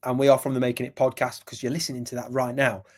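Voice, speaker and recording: A young man from England, co-hosting a podcast and telling stories animatedly, jumping from loud to hushed. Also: mid-range voice, flat delivery, racing. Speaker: podcast co-host. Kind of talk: casual chat.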